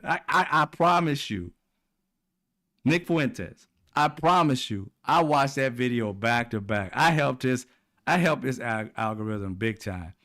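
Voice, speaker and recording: Profane, mocking male political ranter. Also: fairly bright tone. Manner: profane, mocking, laughs often, mimics people in high voices. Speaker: political commentary host. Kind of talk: animated political rant.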